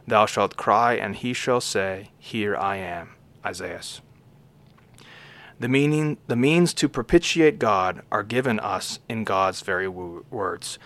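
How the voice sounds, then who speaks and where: A man reading an old homily aloud in a measured way, naming each scripture source after he quotes it and now and then stumbling and correcting himself. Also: fairly low pitch, a bit bright. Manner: occasional stumbles and self-corrections. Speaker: reader of a homily.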